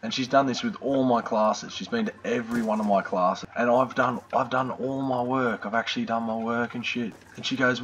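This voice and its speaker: A man's voice: medium pitch, fairly even intonation, brisk, hardly any pauses, a bit bright, a little hiss or hum, rough recording. A young Australian man telling a school story over gameplay, crude and rambling, swearing often. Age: young adult. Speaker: gaming video creator.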